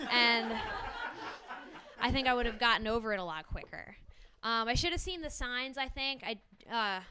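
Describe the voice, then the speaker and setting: A young woman works through a stand-up comedy set before a small live audience, chatty and self-deprecating. Her voice sits a little high and comes across bright and sharp. She fills the gaps with ums and laughs between jokes. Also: smooth, dry recording.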